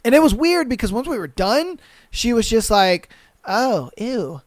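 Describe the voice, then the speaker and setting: A young man hosting a podcast, reading listener answers aloud and reacting with loose, profane slang and sudden loud outbursts. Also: very high-pitched, very animated, measured pace, dry recording. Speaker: podcast host.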